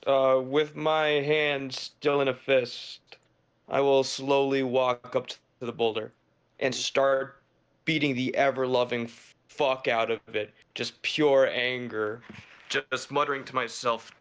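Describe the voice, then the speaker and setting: A man's voice: mid-range voice, little pitch movement, slow pace, clear, resonant tone. A man playing a tabletop game casually, describing what his character does. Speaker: player. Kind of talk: casual tabletop role-play.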